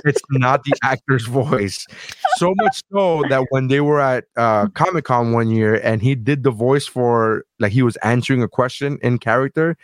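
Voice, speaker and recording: A man's voice: mid-range voice, a little slow, dry recording. Rambling, profane man hosting a chat. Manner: enthusiastic, rambling, swears freely. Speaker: podcast host. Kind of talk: casual chat.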